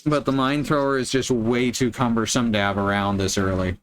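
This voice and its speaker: A man's voice: medium pitch, fairly even intonation, brisk. A man streaming a video game, giving casual commentary with wry, joking asides.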